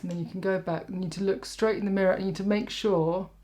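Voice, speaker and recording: A woman talks her way through a makeup tutorial, chatting loosely as she works. She rambles and pokes fun at herself, in a middle-pitched, everyday voice. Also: steady tone, fast talker, dark tone. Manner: rambling, self-mocking, talks while working. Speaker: makeup artist.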